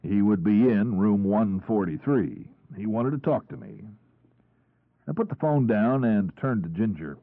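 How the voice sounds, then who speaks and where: A man reading a crime audiobook in the first person, in a measured storytelling delivery. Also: fairly low pitch, animated, no room sound. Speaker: audiobook narrator. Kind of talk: first-person scripted narration. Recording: tinny phone-like, husky, dry.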